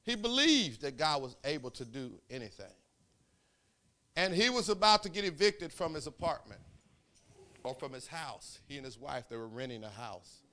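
A man preaching, telling a story in a sermon, swinging from quiet asides to shouting. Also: fairly high pitch, very animated, normal speed. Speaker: pastor.

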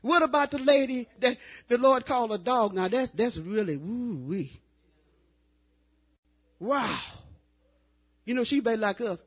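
An older woman preaching a revival sermon in a folksy, testifying way that rises to loud, fervent exclamations. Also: fairly high pitch, expressive, unhurried, long pauses, slightly rough.

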